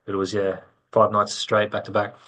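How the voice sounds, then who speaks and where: A man's voice: on the low side, completely flat delivery, a little fast, bright, forceful tone. A man from Australia in a metal band, answering questions in a laid-back, joking way. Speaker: band member. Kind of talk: casual interview chat.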